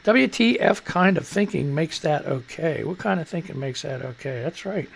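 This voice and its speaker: A man's voice: on the high side, lively intonation, normal speed, vocal fry, a little hiss or hum. A man hosting a live radio and stream show, rambling loosely and jokily through news headlines, muttering to himself between reads. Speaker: radio and livestream host.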